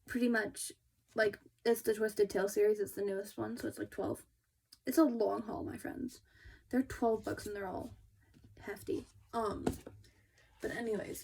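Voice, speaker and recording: A young woman reviewing books in a chatty, casual way, full of fillers and quick restarts. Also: medium pitch, creaky, a little mellow, a little hiss or hum. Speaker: book reviewer. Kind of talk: casual chat.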